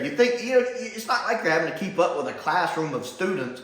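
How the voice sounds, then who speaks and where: A man's voice: fairly high pitch, brisk, few pauses. Rambling man in a very echoey room. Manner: rambling, animated, exasperated asides. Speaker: TV show reviewer. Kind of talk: casual spoken review.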